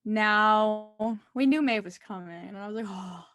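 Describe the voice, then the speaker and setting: A woman co-hosting a casual TV episode discussion, animated and gushing, often exclaiming and trailing off. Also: medium pitch, unhurried, no echo, studio quality. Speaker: co-host.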